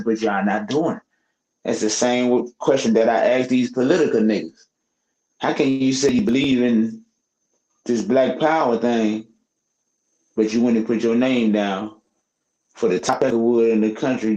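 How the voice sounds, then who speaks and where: A man's voice: medium pitch, a little mellow. A man giving opinionated casual commentary as a podcast host, in a heated, profane, preachy rant full of rhetorical questions. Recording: echoey room.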